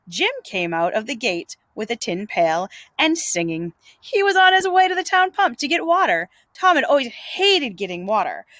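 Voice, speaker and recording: A woman reading a classic storybook aloud for English learners, expressive and animated, with small slips. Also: mid-range voice, no echo.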